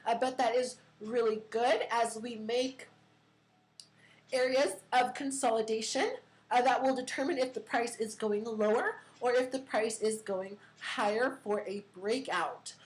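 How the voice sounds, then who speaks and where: A woman's voice: a little high, fairly even intonation, measured pace, poor audio. A young woman hosting a casual crypto livestream, giving a chatty market rundown full of fillers. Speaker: livestream host.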